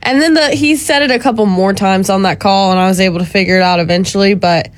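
A woman co-hosting a sports radio show, chatting casually in an easygoing way with quick asides. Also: mid-range voice.

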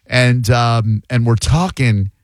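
A man hosts a casual podcast in a sarcastic, teasing way. His voice sits at an ordinary pitch and sounds close and dry, with no room echo. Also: slow pace. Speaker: podcast host. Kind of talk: casual chat.

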